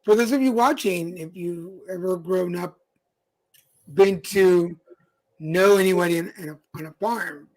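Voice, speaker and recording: A co-host with a voice of middling pitch speaks in short, relaxed remarks. He chats casually and turns to the viewers to invite their comments. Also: unhurried, low-quality recording. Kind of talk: casual chat.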